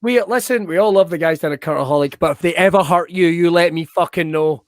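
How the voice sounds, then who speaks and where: A man's voice: a little high, fast talker, no echo, studio quality. A man hosting a casual Q&A on a video call, bantering and swearing freely. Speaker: host. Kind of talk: casual chat, Q&A.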